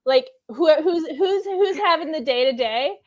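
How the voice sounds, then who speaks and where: A woman's voice: high-pitched, expressive, unhurried, darkish tone. A woman hosting a casual live-streamed chat for her bookstore, bubbly and rambling. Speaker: bookstore host. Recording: slightly muffled lo-fi audio.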